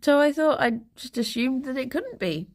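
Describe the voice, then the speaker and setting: A woman's voice: high voice, animated, normal speed, darkish tone. A young woman chatting casually on a live stream, rambling and giggling often as she reads the chat aloud.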